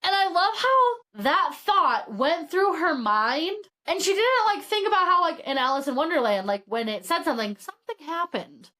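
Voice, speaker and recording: Woman, high voice, casual book chat, animated retelling, voiced asides. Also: moderate pace, hardly any pauses. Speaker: podcast co-host.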